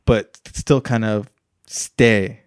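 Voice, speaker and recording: A man's voice: fairly low pitch, drawn-out words, smooth, no echo, studio quality. Chatty laughing male podcast co-host. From Los Angeles. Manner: animated, laughs often, acts out quotes. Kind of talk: casual chat.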